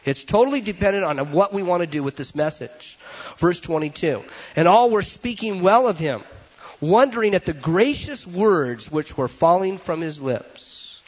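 A male pastor preaching a sermon in a lively, animated way, acting out little voices for laughs. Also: high voice, normal speed, lo-fi sound.

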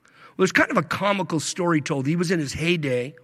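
A male pastor delivering a sermon, stretching key words slowly and swinging between loud emphasis and hushed asides. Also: fairly high pitch. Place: church sanctuary. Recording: long reverb of a large hall.

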